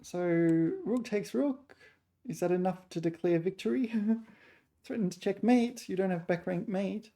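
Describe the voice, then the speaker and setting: A woman chess player thinking aloud while solving puzzles, muttering her move calculations in short fragments, a little hoarse. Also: mid-range voice, unhurried, dark tone.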